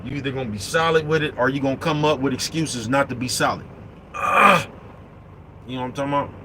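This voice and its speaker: A man rolls down the road in his big rig, talking at a middle pitch in a loose, profane, streetwise monologue to his viewers. He keeps checking that they follow him, and the steady rumble of the truck and traffic sits clearly under his voice. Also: fast talker. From East Oakland, California. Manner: streetwise, profane, keeps asking "you know what I'm talking about". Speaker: truck driver vlogger. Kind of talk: casual vlog monologue answering comments. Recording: road and engine noise from a truck cab. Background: traffic and vehicle noise.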